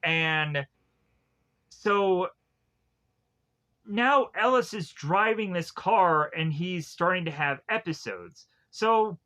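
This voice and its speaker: Rambling man with a bright voice. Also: sits high, animated. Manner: rambling, halting, full of filler words. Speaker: film reviewer. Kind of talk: casual spoken film review.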